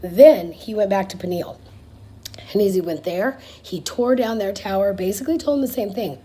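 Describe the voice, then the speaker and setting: A woman's voice: mid-range voice, moderate pace, warm tone, slightly rough. A woman casually retelling a Bible story in a slangy, chatty way, dropping to a whisper for asides.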